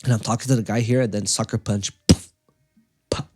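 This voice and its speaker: A man's voice: fairly low pitch, fairly even intonation, fast, darkish tone, breathy edge, dry recording. Rambling man in a dry room. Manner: rambling, profane, with filler words. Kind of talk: casual storytelling chat.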